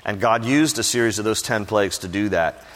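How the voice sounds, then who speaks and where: A male pastor moves briskly through a story-driven sermon, acting out the voices of those he quotes. His lowish voice is a bit bright, and the recording carries the long reverb of a big hall.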